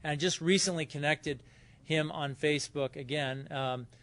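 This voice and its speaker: A man's voice: on the high side, moderate pace, fairly bright tone. A man speaking at a recovery convention, telling personal stories casually with fillers and quoted dialogue. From Southern California. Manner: casual, storytelling with acted quotes and frequent fillers. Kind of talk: personal story talk at a convention. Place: hotel conference room.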